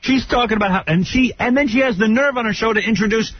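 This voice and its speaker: A man's voice: high voice, fast talker, slight background noise. A middle-aged man, a radio show host telling a story in a brash, mocking way. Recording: dull lo-fi radio broadcast.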